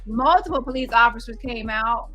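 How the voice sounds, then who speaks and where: A woman hosts a casual livestream with a bright, forceful voice set a little high. She talks bluntly and with exasperation, swearing freely and laughing between her remarks. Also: moderate pace, soft background music, poor audio. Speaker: livestream host. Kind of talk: casual live commentary.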